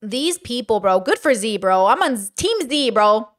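High-voiced blunt woman commentator. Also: moderate pace. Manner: blunt, animated, slangy, says bro a lot. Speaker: commentary creator. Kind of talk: casual reaction commentary.

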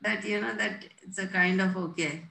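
A woman's voice: medium pitch, fairly even intonation, moderate pace, creaky, bright, forceful tone, echoey room, low-quality recording. A woman in a book club discussion, speaking hesitantly and trailing off.

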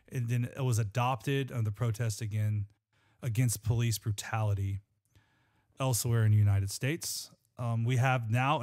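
Man, podcast co-host, middle pitch, earnest, rambling. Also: darkish tone. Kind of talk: scripture reading and casual chat.

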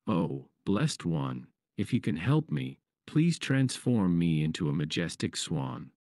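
A sorrowful male raven in a storybook fable pleads in a slow, heavy voice, as a man voices him. The voice sits very low and moves widely in pitch. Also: sing-song, a little mellow, dry recording, clean studio sound, full character voice. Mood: pleading.

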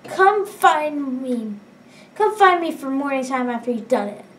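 A woman's voice: high-pitched, expressive, measured pace, fairly bright tone, distant mic. A woman doing a scheming, sugary mean girl. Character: scheming popular schoolgirl, mean and bossy.

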